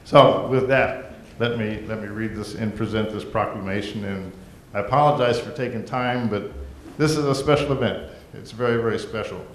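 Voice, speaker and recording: A man's voice: lowish voice, normal speed, hardly any pauses, roomy sound, slight background noise. A man speaking as mayor at a council meeting, in a folksy, rambling way with frequent restarts. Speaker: mayor presenting a proclamation. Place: council chamber.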